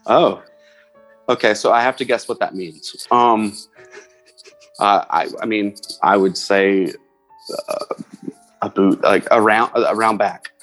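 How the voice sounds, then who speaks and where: A man's voice: fairly low pitch, steady tone, measured pace, pauses often, a bit bright, faint music behind, low-quality recording. A playful man chats as a podcast guest, laughing easily. He hedges his guesses with fillers and takes the game in good humor. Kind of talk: casual chat.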